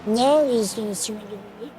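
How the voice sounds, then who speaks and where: A woman commentating an online sim race, slow and halting, with fillers and restarts, and she has the hiccups. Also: on the high side, warm tone, a little hiss or hum, rough recording.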